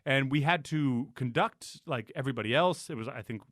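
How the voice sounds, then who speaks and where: A man's voice: mid-range voice, fairly quick, a bit bright, dry recording, clean studio sound. A man co-hosting a podcast, telling profane stories in casual chat and mimicking the people in them. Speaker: podcast co-host.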